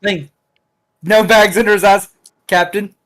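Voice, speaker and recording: A man playing in a tabletop game, making calm, dry remarks. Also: sits high, a little slow. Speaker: player. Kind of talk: casual tabletop play.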